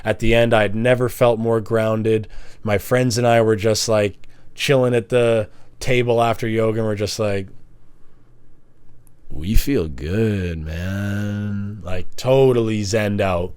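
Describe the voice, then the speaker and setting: A man's voice: fairly low pitch, moderate pace, clean tone, no echo. A man talking casually to camera, telling personal stories and acting out the people in them. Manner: animated, acts out quoted voices. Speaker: vlogger. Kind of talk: casual storytelling monologue.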